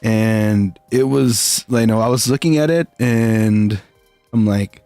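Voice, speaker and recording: Slow-talking excitable young man streamer. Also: no room sound, soft background music. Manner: excitable, bursting into high delighted shouts; affectionate, rambling. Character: dinosaur boy virtual streamer persona. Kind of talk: casual chat to stream viewers.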